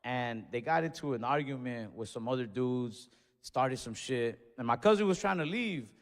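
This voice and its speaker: A man doing stand-up comedy, telling a story in an animated way and acting out what people said. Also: mid-range voice, normal speed, big-room sound. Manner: animated storytelling with acted-out quotes.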